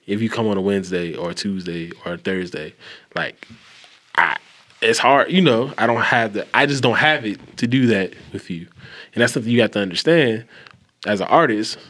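A man hosting a casual podcast chat, telling long stories with restarts, swearing and animated asides. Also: fairly low pitch, a little fast.

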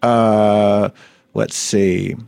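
A man's voice: lowish voice, flat delivery, extremely slow, vocal fry, darkish tone, clear, resonant tone, dry recording. A man co-hosting a podcast, reading odd news stories aloud with laughing, joking asides. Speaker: podcast co-host. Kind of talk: casual comedic news chat.

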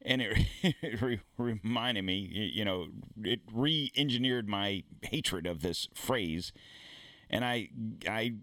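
A man's voice: on the low side, takes it slowly, sharp tone, no room sound. A man hosting his own show, ranting in a rambling, blunt and profane way with many false starts. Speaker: podcast host. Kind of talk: casual ranting monologue.

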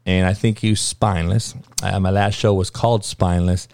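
A man's voice: low voice, steady tone, moderate pace, gravelly, darkish tone, clear, resonant tone, no room sound, clean studio sound. A man hosting his own talk show, ranting heatedly and swearing constantly in street slang. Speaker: sports talk show host. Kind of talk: unscripted profane rant.

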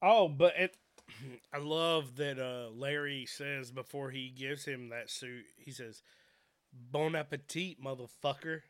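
A man's voice: mid-range voice, fairly even intonation, takes it slowly, smooth, no room sound. A man co-hosting a podcast, casually and jokingly recapping a horror movie with some swearing. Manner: amused, joking, profane. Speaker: podcast co-host.

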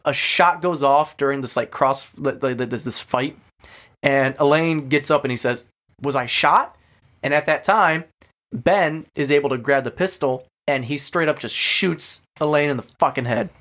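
A man's voice: a little high, normal speed, a bit bright. Casual swearing podcast co-host, man. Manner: swears freely, lots of fillers, acts out quotes. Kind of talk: casual chat, retelling a story.

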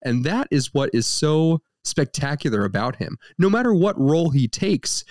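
Young guy cohosting a movie podcast, super animated pitch, dry close sound. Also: moderate pace, dry recording. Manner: joking, playful and expressive. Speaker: podcast co-host, film reviewer. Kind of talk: casual film review chat.

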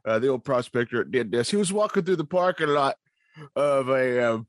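A man's voice: mid-range voice, expressive, moderate pace, no room sound, studio quality, natural voice. A man voicing an old male prospector who calls himself a lawman and talks about himself in the third person, on a podcast. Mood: folksy.

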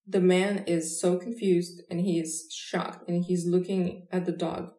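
A woman's voice: lowish voice, level tone, unhurried, mellow, echoey room, rough recording. A woman telling jokes in a casual chat, often laughing through her own punchlines. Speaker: podcast co-host telling jokes.

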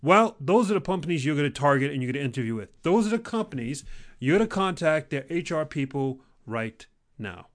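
Intense motivational man, loud then hushed. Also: big pitch swings, brisk. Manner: intense, emphatic, repeats lines for emphasis; swings between loud exhortation and low, quiet intensity. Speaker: career motivational speaker. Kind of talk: motivational pep talk.

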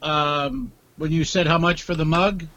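A man's voice: on the high side, fairly even intonation, bright, forceful tone, lo-fi sound. A male comedian co-hosting a podcast in casual chat, rambling and restarting his sentences. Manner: rambling, halting delivery with restarts.

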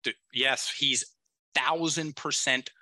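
A male coach speaks bluntly in a very bright and forceful voice. He drives each point home with emphasis. The recording is close and dry. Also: mid-range voice, fairly even intonation, slow, no echo. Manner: emphatic, blunt, with casual swearing. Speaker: guest executive coach. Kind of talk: podcast conversation.

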